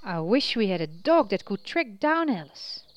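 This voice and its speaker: A woman's voice: medium pitch, very animated, normal speed, natural voice. A woman voicing a curious, easily puzzled young man in a children's storybook who keeps asking questions.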